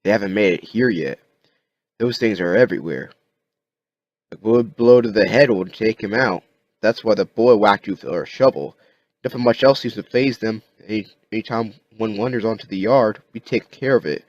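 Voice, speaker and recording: A man's voice: lowish voice, normal speed, no room sound, muffled recording, pitched above the performer's own voice, close to an everyday voice. A man voicing a folksy, wary survivor father who talks in a casual drawl. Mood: explaining.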